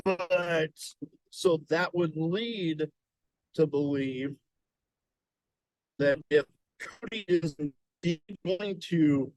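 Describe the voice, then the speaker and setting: A man's voice: fairly high pitch, extremely slow, pauses often, no room sound, poor audio. A man co-hosting a podcast in casual chat, musing hesitantly and swearing now and then. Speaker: podcast co-host.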